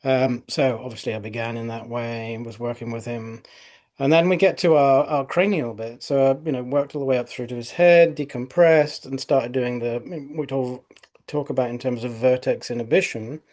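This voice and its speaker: A middle-aged male osteopath recounting patient cases in a relaxed podcast conversation, full of fillers like "you know". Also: mid-range voice, moderate pace. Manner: conversational storytelling with frequent fillers.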